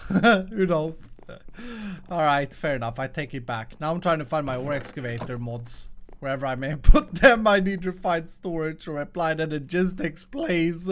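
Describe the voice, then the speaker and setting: An upbeat man talks casually over his gameplay, laughing often as he goes. His voice sits a little higher than most men's. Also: fairly bright tone. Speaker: host.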